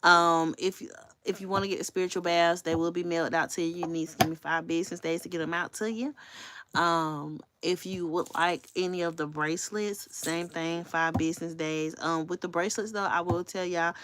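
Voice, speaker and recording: A woman's voice: lowish voice, steady tone, normal speed, a bit bright. Candid, chatty woman livestreaming. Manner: candid and chatty, swears freely; talks straight to viewers. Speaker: livestream host. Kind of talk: casual livestream chat.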